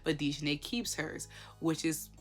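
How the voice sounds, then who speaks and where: A woman giving casual commentary, talking in an animated way with lots of rhetorical questions and fillers. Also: low-pitched, normal speed, soft background music.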